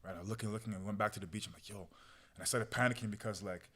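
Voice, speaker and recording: A young man tells a personal story as a podcast guest in loose, casual speech. His voice sits low, and his words tumble out fast. He leans on "bro" and "yo" and replays what he said back then. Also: fairly even intonation, fairly bright tone, husky. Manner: slangy, peppered with "bro" and "yo"; relives moments through quoted self-talk.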